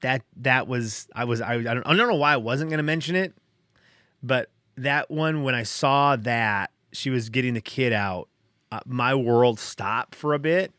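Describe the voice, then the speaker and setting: Middle-aged male podcast host, mid-pitch, dry close sound; shaken, rambling storyteller full of restarts. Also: moderate pace, a bit bright, no room sound. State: shaken, a little dazed. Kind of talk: casual personal storytelling.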